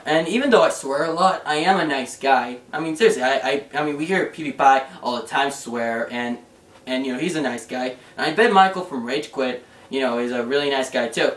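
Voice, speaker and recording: A young man chatting casually in a vlog, answering fan questions in a rambling, excitable way with lots of fillers. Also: mid-range voice, brisk, far from the mic. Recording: roomy sound, away from the mic.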